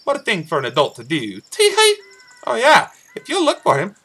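A man's voice: on the high side, huge pitch swings, quick pace, sharp tone, breathy edge, exaggerated voice. A man voicing a cheerful young farm girl in a sing-song, folksy twang, reading game dialogue aloud. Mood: cheery, coaxing.

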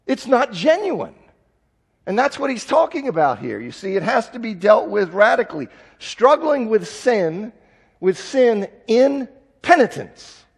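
A man's voice: extremely high pitch, slightly rough. A man preaching a sermon in a church, urging the congregation directly. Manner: urgent, exhorting, direct address to congregation. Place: church sanctuary. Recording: long echo in a large hall.

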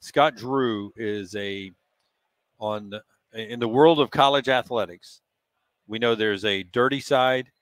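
A man's voice: fairly low pitch, slow pace, dry recording. A man co-hosting a sports talk show, casual, emphatic and teasing, often repeating his point.

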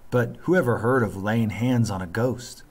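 A man reading aloud, voicing an old island grandfather from a storybook who tells tales in a low, hushed, solemn way. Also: normal speed, natural voice. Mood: grave.

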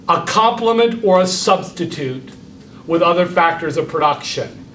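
A man's voice: a little high, normal speed, fairly bright tone, a little hiss or hum. A man giving a university economics lecture, speaking with impassioned, rhetorical force and addressing his students directly. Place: lecture classroom. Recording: echoey classroom from a distance.

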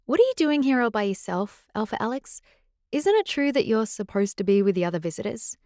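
A woman's voice: on the high side, no echo, studio quality. A woman voicing an impulsive, chatty, clumsy young werewolf girl in an audiobook. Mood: excitable. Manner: rapid, excitable, apologetic. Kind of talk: audiobook character voice.

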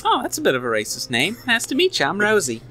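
A man's voice: high-pitched, huge pitch swings, quick pace, pushed and bright, pitched above the performer's own voice, exaggerated voice. A man voicing a tough old woman who runs an Old West saloon, talking in a drawling frontier twang. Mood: folksy.

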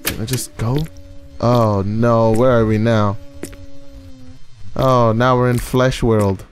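A man's voice: medium pitch, steady tone, slow. A man giving nervous horror game commentary, talking to the game's ghost as he plays. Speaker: gaming video creator.

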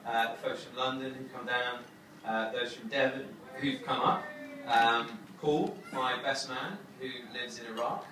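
A young man giving his wedding toast as the groom, halting with many fillers and fighting back tears. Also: medium pitch. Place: wedding reception hall. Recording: echoey hall from far off, crowd noise.

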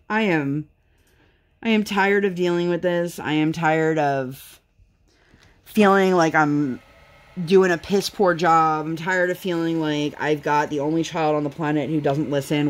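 A mother in her thirties chatting casually while she crafts, rambling and candid, venting her frustration with sighs. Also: low-pitched. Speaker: vlogger and mother.

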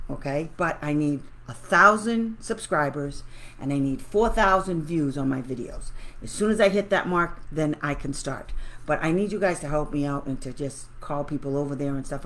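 A woman talking casually to her viewers, ranting indignantly and then pleading with them for help. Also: low voice. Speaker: special education advocate and YouTuber. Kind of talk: casual livestream talk to viewers.

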